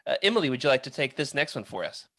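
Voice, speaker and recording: A man's voice: mid-range voice, very animated, racing, fairly bright tone, no echo. A man hosting a podcast in casual chat, playful and teasing, steering the talk to the next topic. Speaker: podcast host.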